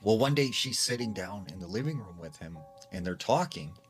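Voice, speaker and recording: A man's voice: fairly low pitch, expressive, brisk, soft background music. A man casually retelling a scary story secondhand, with lots of fillers.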